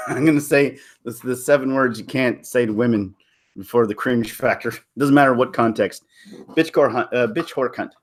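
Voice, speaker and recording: A man's voice: medium pitch, normal speed. A man from Toronto chatting casually to viewers on a live stream, rambling with frequent laughs and restarts. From Toronto, Canada. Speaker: livestream host.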